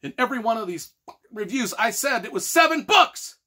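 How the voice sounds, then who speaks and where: Middle-aged man, author-reviewer, exasperated and emphatic rant, high and swooping, bright edge. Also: lively intonation, a little fast. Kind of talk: ranting book review video.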